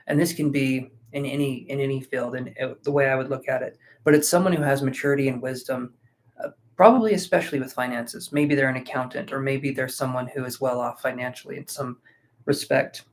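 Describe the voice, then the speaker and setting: A man's voice: medium pitch, fairly even intonation, brisk. A man giving a live-streamed tarot reading, chatting casually and thinking aloud with fillers, sleepy and yawning. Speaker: tarot reader.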